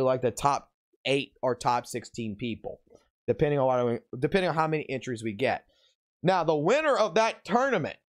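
Male game streamer, profane and ranting, voice a touch above the usual male range. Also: fairly high pitch. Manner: profane, ranting, heavy cursing. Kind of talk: casual livestream talk.

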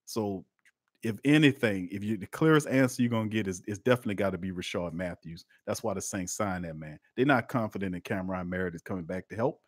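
A man, hosting a live-streamed sports talk show and chatting with his viewers, swinging between loud outbursts and quiet asides. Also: deep voice, fast, no room sound, studio quality. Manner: lively and conversational, talks to chat, swings from loud to quiet.

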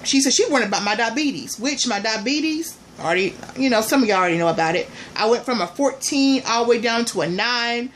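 Woman, vlogger, casual chat, playful, animated, slightly high voice, faint background noise. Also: fairly quick, few pauses. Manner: chatty, playful, addresses viewers as y'all; animated, swings between soft asides and loud exclamations.

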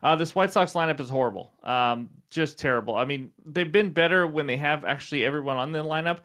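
A man's voice: fairly high pitch, a little fast, fairly bright tone. Chatty man running through betting picks. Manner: chatty, fillers and stat rundowns. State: losing his voice. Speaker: sports betting podcast host. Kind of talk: casual betting picks talk.

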